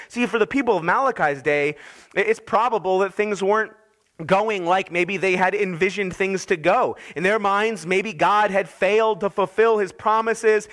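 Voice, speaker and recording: Guy pastor preaching a sunday sermon, high voice, piles up repeated lines, earnest. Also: pushed and bright. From United States. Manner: earnest preaching with repeated emphatic phrases and restarts. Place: church.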